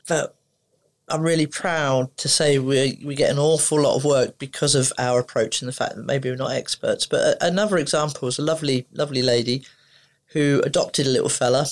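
A woman, an emotional therapist, speaking as a podcast guest and telling stories in a conversational way, often acting out what people said. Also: extremely low pitch. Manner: animated anecdotes, acts out dialogue. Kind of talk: conversational storytelling.

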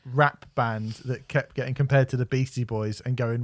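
A man's voice: mid-range voice, steady tone, normal speed, few pauses, no echo, studio quality. A young man co-hosting a music podcast, ranting and swearing as he mocks a record. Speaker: podcast co-host reviewing music. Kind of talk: casual chat.

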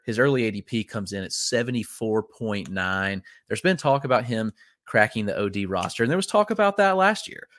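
A man with a Southern US accent hosting a podcast, running through the show's housekeeping in a brisk, upbeat way. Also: lowish voice, a bit bright, dry recording, clean studio sound. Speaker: podcast host. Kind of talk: casual chat.

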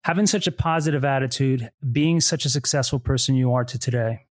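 A man's voice: mid-range voice, fairly quick, dry recording, studio quality. A male podcast host interviewing a guest, getting emotional and choked up as he asks his questions. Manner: emotional, choked up while asking.

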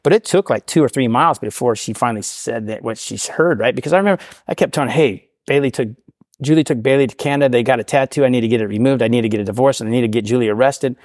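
A middle-aged man tells a personal story at a quick clip and puts on the voices of the people in it. The recording is dry and close, with no room sound. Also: medium pitch, dry recording. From Portland, Oregon area. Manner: animated storyteller, acts out quoted voices. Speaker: guest sharing recovery story. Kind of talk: casual storytelling.

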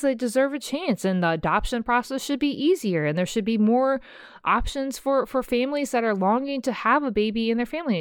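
Fired-up woman podcaster, smooth and dry. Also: mid-range voice, no echo. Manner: animated, emphatic, swears, addresses listener as sis. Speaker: podcast host. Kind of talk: casual solo podcast rant.

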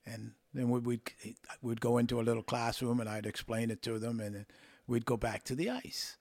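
A man's voice: medium pitch, fairly even intonation, darkish tone, no room sound. Older man, coaching stories, dry sound. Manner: measured, acts out quoted voices. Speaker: hockey coach, guest. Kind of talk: relaxed interview storytelling.

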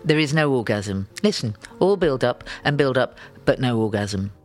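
A man voicing an excitable, hard-drinking music obsessive who shouts and swears insistently. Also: medium pitch, moderate pace, close to an everyday voice.

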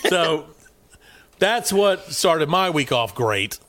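A man's voice: fairly high pitch, very animated, slow pace, fairly bright tone. A middle-aged man, a podcast co-host, ranting through a profane story in casual banter. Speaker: podcast co-host and youth basketball coach.

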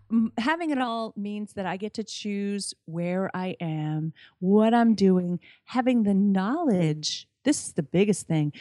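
A woman's voice: medium pitch, mellow, no echo, studio quality. A middle-aged woman, a podcast guest, chatting enthusiastically and often restarting her sentences. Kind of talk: casual interview chat.

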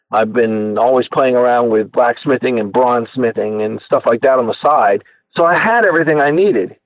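A man telling his inventor story as a radio guest, animated and acting out the people he quotes, heard over a tinny phone line. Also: medium pitch, dry recording. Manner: animated storyteller who acts out quoted voices. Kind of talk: casual storytelling interview.

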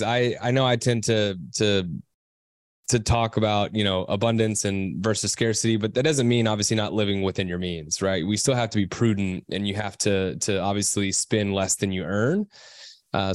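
A man's voice: on the low side, dry recording. Dry-sounding man with stumbling restarts. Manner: hesitant restarts, then encouraging. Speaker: panelist. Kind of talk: round table discussion.

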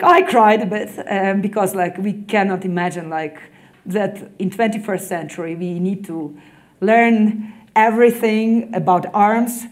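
A woman's voice: mid-range voice, a little mellow. Earnest Ukrainian-accented woman telling her story. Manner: halting non-native English, frequent "like" fillers; earnest, grows emphatic when speaking of resolve. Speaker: activist and nonprofit director. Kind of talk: personal testimony to an audience.

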